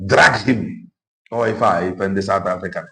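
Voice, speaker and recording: A Nigerian man with an Igbo accent giving preaching-style social commentary, animated and full of rhetorical questions. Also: low-pitched, moderate pace, gravelly.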